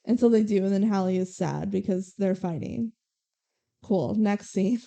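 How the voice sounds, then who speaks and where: A woman's voice: mid-range voice, normal speed, gravelly, dark tone. A young woman co-hosting a podcast, casually recapping a movie scene by scene and quoting the characters, with lots of "like" and "um.". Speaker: podcast co-host.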